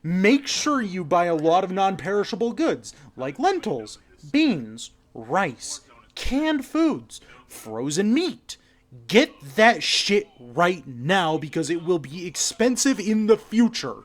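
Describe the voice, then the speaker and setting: A man's voice: sits high, big pitch swings, takes it slowly. A man giving a direct-to-camera political rant, profane, emphatic and hectoring. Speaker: political commentator.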